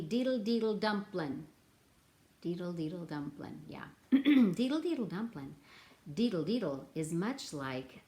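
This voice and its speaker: A woman's voice: sits low, darkish tone. A woman teaching a children's music lesson, chatting playfully to the kids and breaking into sing-along nursery rhymes. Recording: echoey room with ukulele.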